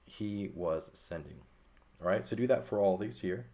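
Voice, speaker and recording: A man with a very low, deep voice walks through a textbook lesson like a teacher. He explains each step patiently and keeps checking in with "okay" and "right". He is close to the mic. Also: moderate pace, darkish tone. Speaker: Greek teacher.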